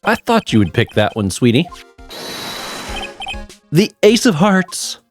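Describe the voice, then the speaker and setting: A man's voice: on the high side, big pitch swings, takes it slowly, soft background music. A man voicing a flamboyant, vain male star magician who drawls his lines in a showy, self-admiring way. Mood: smug flirty.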